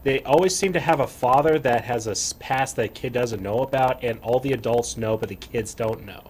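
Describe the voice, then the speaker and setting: A man's voice: mid-range voice, normal speed, a little mellow, slight background noise, poor audio. Young male co-host, mid-range voice, rambling delivery. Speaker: podcast co-host. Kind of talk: casual chat.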